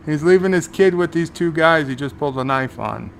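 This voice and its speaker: A man's voice: fairly high pitch, lively intonation, fairly quick, creaky, a little hiss or hum. A man hosting a live watch-along, casually recapping scenes and paraphrasing the characters' lines. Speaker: show host and reviewer.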